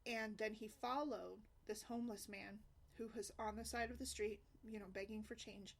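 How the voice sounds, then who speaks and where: A woman's voice: mid-range voice, fairly even intonation, normal speed, gravelly. A woman talking earnestly in a casual vlog, conversational and often asking "right?". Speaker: single mom blogger.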